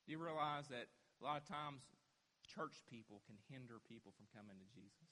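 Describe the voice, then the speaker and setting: A young adult man preaching a sermon as pastor, impassioned, swinging between hushed moments and shouts. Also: mid-range voice, a little fast, big-room sound.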